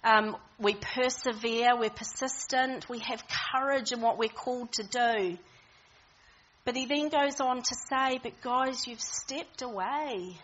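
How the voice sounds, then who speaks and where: A woman delivers an informal sermon in an easy, talky manner. Her voice sits slightly high, and she often trips over and repeats her words. The recording sounds muffled and lo-fi. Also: steady tone, unhurried, fairly bright tone. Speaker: preacher.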